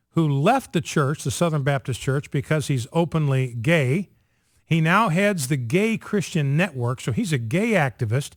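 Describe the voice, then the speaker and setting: A man with a fairly high voice hosts a talk radio show, holding forth in an indignant, sarcastic monologue. He hammers his points home by repeating phrases. The studio sound is dry, with almost no room echo.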